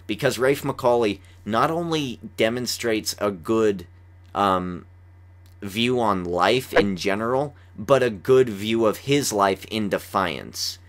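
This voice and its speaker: The voice is male, on the low side and slow. He's a young podcast host casually recapping an episode, wandering through it with animated energy and plenty of "like" fillers.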